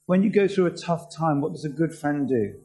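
A man's voice: fairly high pitch, lively intonation, moderate pace, creaky, dark tone, faint music behind, rough recording. A man preaching a sermon, earnest and asking his listeners many questions.

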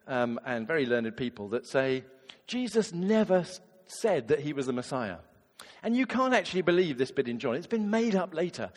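Lively vicar preaching in a reverberant church. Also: male voice, on the high side. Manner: lively, conversational preaching with acted-out quotes. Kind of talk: sermon.

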